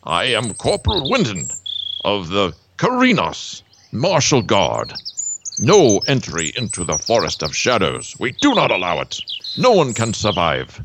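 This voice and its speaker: A man's voice: fairly low pitch, huge pitch swings, measured pace, background noise, exaggerated voice. A man playing a pompous, stiff village guard corporal in an improvised comedy scene. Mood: stern. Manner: stiff, formal proclamations. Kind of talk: improvised comedy role-play.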